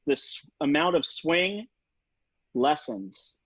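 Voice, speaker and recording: Male saxophone instructor, relaxed, scats to demonstrate, dry close sound over a lo-fi video call. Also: on the high side, takes it slowly, dry recording. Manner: casual, sings rhythms and articulations with scat syllables. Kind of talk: online music lesson. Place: home setup for a virtual session. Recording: dull lo-fi video call audio.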